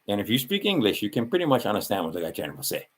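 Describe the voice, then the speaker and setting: A man's voice: on the low side, huge pitch swings, very fast, slightly rough. A man with a Hawaiian Pidgin accent talking in a casual, rambling monologue, full of restarts and slang.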